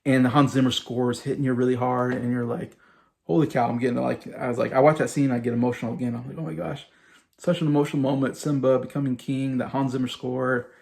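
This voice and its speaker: A man's voice: mid-range voice, little pitch movement, fast, gravelly, few pauses, darkish tone. A man hosting his own video, chatting casually and rambling with lots of fillers as he gushes enthusiastically. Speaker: YouTube host ranking movies. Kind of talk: casual chat.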